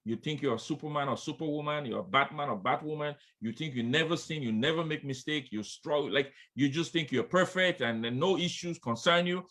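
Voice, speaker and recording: A man delivering a sermon with a bright, forceful tone. He repeats his key lines and calls out to the congregation, talking to them directly as friends. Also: fairly high pitch, a little fast, hardly any pauses. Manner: emphatic, repeats refrains, calls out "come on, somebody"; addresses listeners directly as friends. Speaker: preacher.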